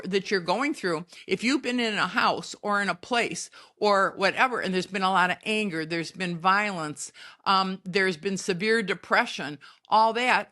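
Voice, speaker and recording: A woman's voice: mid-range voice, sharp tone. A middle-aged woman hosting a spiritual podcast, talking in an emphatic, folksy, lecturing way. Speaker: podcast host. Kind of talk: spiritual advice monologue.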